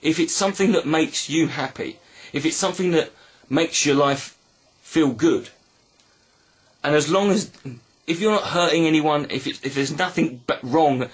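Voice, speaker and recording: A man telling a personal story in a reflective video monologue, halting and earnest with many restarts. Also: fairly high pitch, husky. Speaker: video blogger.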